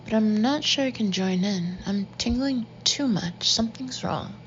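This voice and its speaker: Teasing young male lover, read by a woman narrator, unhurried storybook dialogue. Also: mid-range voice, lo-fi sound, slight background noise, close to an everyday voice. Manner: playful and teasing.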